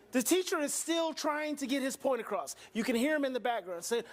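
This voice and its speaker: A man's voice: very high voice, animated, fairly quick, few pauses. A man presenting a parenting and healing seminar, explaining video clips and posing rhetorical questions to the audience. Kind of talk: teaching seminar commentary.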